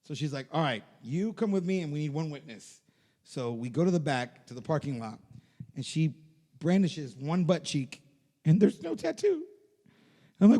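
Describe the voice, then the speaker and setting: Lively, high-voiced podcast co-host man. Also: moderate pace, long reverb tail. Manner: animated, swearing, breaks into laughter. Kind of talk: casual storytelling chat. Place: podcast studio.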